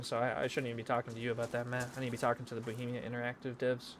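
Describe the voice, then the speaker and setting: A man's voice: mid-range voice, completely flat delivery, very fast, slight background noise. A young man streaming a game, jokey, rambling and self-mocking.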